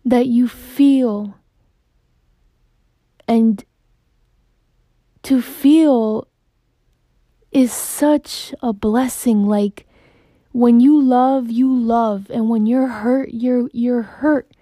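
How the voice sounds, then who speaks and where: Young female podcast host, slow emotional monologue, dry close sound. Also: fairly high pitch, fairly even intonation, dark tone, no room sound. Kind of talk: reflective personal podcast monologue.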